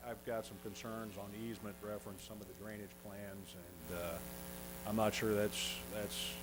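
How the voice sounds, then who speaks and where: A man's voice: on the low side, level tone, normal speed. Man at a public hearing over mains hum. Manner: polite, formal address to the chair. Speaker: resident speaking at a public hearing. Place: city council chambers. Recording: mains hum and background noise.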